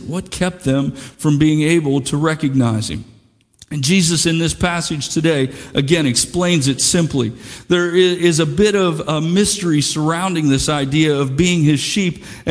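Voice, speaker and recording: A man's voice: on the high side, in a large hall. A man preaching a sermon in a conversational way, repeating words and restarting as he goes, and acting out the quotes. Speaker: pastor. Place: church sanctuary.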